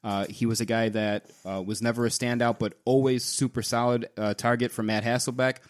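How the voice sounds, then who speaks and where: A man co-hosting a casual sports chat, relaxed and enthusiastic, trailing off with fillers. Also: medium pitch, brisk. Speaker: co-host.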